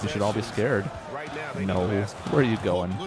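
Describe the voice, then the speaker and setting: A man's voice: fairly low pitch, moderate pace, background noise. A man co-hosting a basketball video game session, joking, laughing often and talking through his plays. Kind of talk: casual let's-play chat. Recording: game crowd audio underneath. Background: video game arena crowd.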